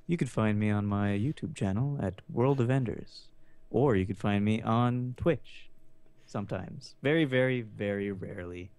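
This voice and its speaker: A man's voice: on the low side, moderate pace, a little mellow, clean tone, no room sound. A man as a guest on a casual chat show, plugging his channels in a bumbling, self-mocking way.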